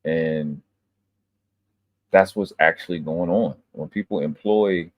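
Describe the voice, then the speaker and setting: A man's voice: sits low, slow, lo-fi sound. A man hosting a live stream, holding forth in an emphatic, lecturing way with plenty of swearing. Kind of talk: casual profane monologue.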